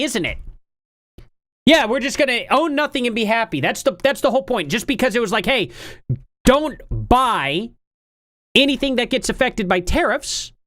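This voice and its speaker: A woman's voice: fairly high pitch, dry recording, clean studio sound. A woman streamer giving casual, sarcastic commentary on a clip, full of rhetorical questions. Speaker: streamer reacting to a debate clip.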